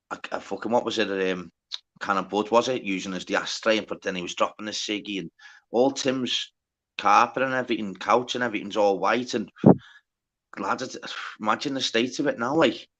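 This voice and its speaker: A man hosting a casual livestream chat, swearing a lot and talking in quick bursts full of filler words. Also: fairly low pitch, sharp tone. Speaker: livestream host.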